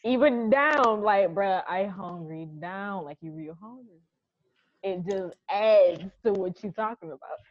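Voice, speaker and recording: A woman's voice: mid-range voice, unhurried, no echo. A woman from Charleston with a Charleston accent, co-hosting a casual chat podcast and telling stories animatedly. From Charleston, South Carolina. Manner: animated storyteller, spells words out. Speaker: podcast co-host. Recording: dull lo-fi sound.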